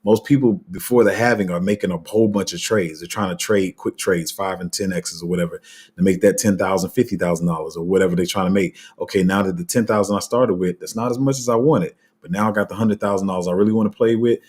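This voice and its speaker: A man with a deep, husky voice talks casually to his viewers. His delivery is loose and rambling, with many fillers and restarts, and his phrasing is blunt and street-casual. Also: fast talker, darkish tone. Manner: rambling, loses his place, heavy fillers. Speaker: crypto channel host. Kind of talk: casual unscripted commentary.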